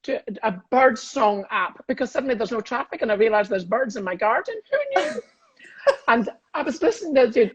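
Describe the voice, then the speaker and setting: A man's voice: very high-pitched, sing-song, fairly quick, fairly bright tone, highs cut off. A Scottish comedian in his fifties, chatting cheekily and rambling on a video call, often laughing at his own jokes. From Scotland. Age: 50s. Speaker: comedian guest. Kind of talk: casual livestream chat.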